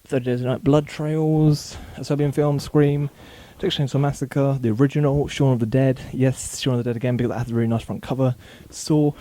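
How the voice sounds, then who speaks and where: A man talking casually in his bedroom for a home vlog, rattling off a long list quickly, with small slips and corrections along the way. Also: medium pitch, steady tone, dark tone. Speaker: video blogger.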